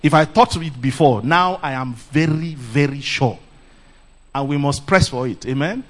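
Animated Nigerian preacher, higher voice. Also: male voice, normal speed. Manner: animated, laughs often, calls "Praise the Lord". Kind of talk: lively sermon. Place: church camp meeting.

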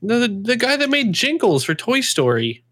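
A man's voice: very high voice, huge pitch swings, moderate pace, fairly bright tone. A man co-hosting a podcast in casual chat, arguing back with disbelief. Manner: incredulous, argumentative banter. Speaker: podcast co-host.

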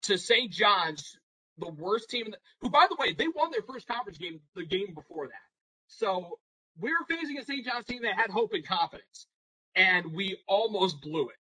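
A man's voice: high-pitched, moderate pace, husky, poor audio. A young man telling a sports story in a casual, rambling way, with lots of fillers and acted-out quotes. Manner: animated, rambling with many fillers, acts out quotes. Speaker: podcast guest storyteller.

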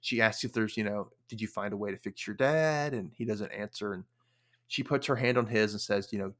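A young man hosting a podcast, casually recapping an episode with animated storytelling and wry quoted asides. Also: on the low side, a little fast. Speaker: podcast host.

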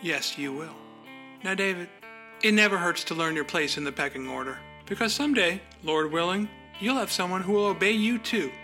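A man's voice: high-pitched, moderate pace, sharp tone, soft background music. A man voicing a bossy, self-important male agent boss who talks down to his assistant in a pompous, condescending way. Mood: domineering.

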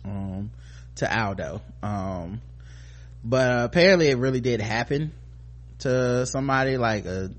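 Guy podcast host reading news out loud, tripping over words, um uh everywhere, mid-range voice. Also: mid-range voice, lively intonation, unhurried. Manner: stumbling read with many fillers. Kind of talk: casual podcast chat, reading news aloud.

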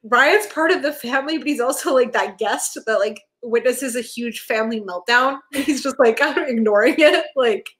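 A young woman with a voice pitched a little above average. She talks in a loose, animated way, stringing thoughts together with "like" and breaking into laughs, as she recaps a TV episode with her co-host. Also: normal speed, few pauses. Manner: chatty and animated, heavy use of "like", laughs often. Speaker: podcast co-host. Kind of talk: casual chat recapping a TV episode.

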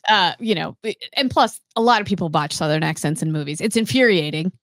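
Low-voiced woman chatting on a podcast. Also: lively intonation, fairly quick, dry recording, studio quality. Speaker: podcast co-host. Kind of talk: casual sports podcast chat.

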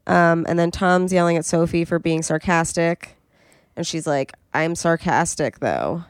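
A woman's voice: on the low side, flat delivery, moderate pace, clean tone, no room sound, clean studio sound. A young woman co-hosting a podcast, chatting casually about a reality show and quoting the cast in playful voices. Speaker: podcast co-host. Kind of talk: casual reality TV recap chat.

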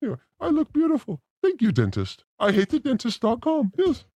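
Guy hosting a show, crude jokey theatrical, high voice, totally dry close mic. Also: huge pitch swings, brisk, warm tone, dry recording. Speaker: podcast host. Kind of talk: crude casual banter.

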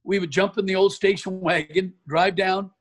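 High-voiced animated storytelling man. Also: moderate pace. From Oregon, USA. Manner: animated anecdote teller. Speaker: golf pro guest. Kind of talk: storytelling in an interview.

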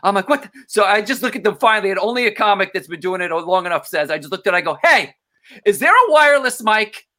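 A man's voice: high-pitched, very fast, hardly any pauses. A man, a stand-up comedian, telling a story in casual podcast chat and acting out the voices of the people in it. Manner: animated, acts out quoted voices.

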